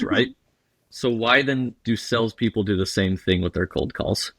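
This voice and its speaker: A man guesting on a podcast as a sales leader, telling stories in a lively, acted-out way and often laughing. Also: fairly low pitch, moderate pace, dry recording. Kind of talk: animated storytelling in casual chat.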